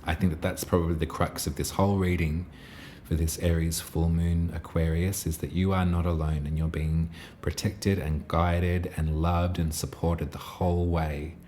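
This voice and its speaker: A man with a very low voice gives a gentle tarot reading, speaking in a soft, reassuring way. He meanders through his thoughts, trailing off and restarting phrases with long pauses. A faint hiss of ambience sits behind him. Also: little pitch movement. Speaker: tarot reader. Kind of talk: intuitive tarot reading monologue.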